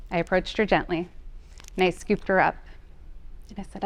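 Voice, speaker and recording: A middle-aged woman, a parent coach, telling a personal story in an earnest, gentle way. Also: fairly low pitch, fairly even intonation, normal speed. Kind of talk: personal talk.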